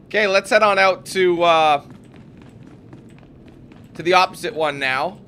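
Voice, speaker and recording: A man's voice: sits high, a little slow, bright, forceful tone, a little hiss or hum. A young man casually commentating a game, chatty and swearing when frustrated. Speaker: gameplay commentator. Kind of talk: casual let's play commentary.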